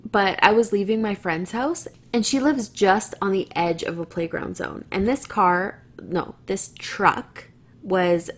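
A woman's voice: mid-range voice, measured pace. A woman with a Canadian accent telling a story to camera in a chatty, rambling way, swearing freely and restarting her sentences. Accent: Canadian English.

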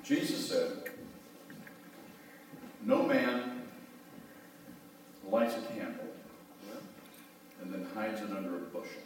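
Middle-aged pastor with a low voice, echoey hall. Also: male voice, slow pace, long pauses, distant mic, a little hiss or hum. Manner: folksy storytelling, leads call-and-response prayer. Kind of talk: sermon. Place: church sanctuary.

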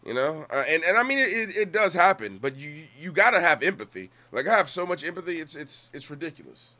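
A man's voice: on the high side, sing-song, fairly quick, bright, forceful tone. A man streaming, talking through a clip in casual, profane commentary, rambling with repeated words and restarts. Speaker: streamer reacting to clips.

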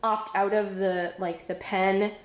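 A woman chatting casually and excitedly while unboxing crafts, a little out of breath, bubbly and giggly. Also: medium pitch, slow, roomy sound. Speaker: craft vlogger.

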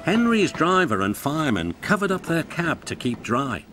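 A man's voice: fairly high pitch, normal speed, heavy background noise. A man with a British accent narrating a children's railway story in a storytelling manner. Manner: warm storytelling, expressive. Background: music.

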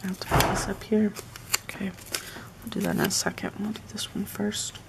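A woman's voice: mid-range voice, flat delivery, normal speed, noisy background. A woman chatting casually on a live stream while decorating a planner at home, often slipping into murmured, half-whispered asides to herself. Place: at home with her pets.

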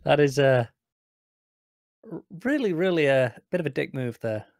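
A man's voice: on the high side, lively intonation, moderate pace, gravelly, a little mellow, no room sound, studio quality. A man co-hosting a TV review podcast, wry and teasing, with stammered starts. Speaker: podcast co-host. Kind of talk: casual chat reviewing TV episodes.

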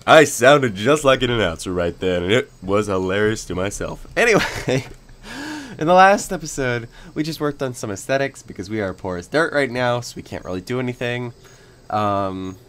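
A man's voice: lowish voice, fairly bright tone. A young man hosting a casual game video, rambling with lots of fillers and little laughs. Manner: rambling, filler-heavy, giggly. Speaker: gaming YouTuber. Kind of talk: casual let's-play chat.

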